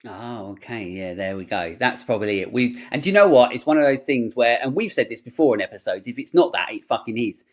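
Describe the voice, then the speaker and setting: A man hosting a podcast, chatting casually in a rambling, animated way and swearing freely. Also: mid-range voice, brisk, few pauses. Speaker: podcast host. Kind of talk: casual chat.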